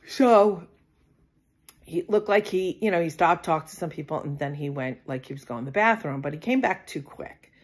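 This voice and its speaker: A woman's voice: low-pitched, expressive, normal speed. A middle-aged woman vlogging, telling a personal story in a rambling, casual way with lots of fillers and asides.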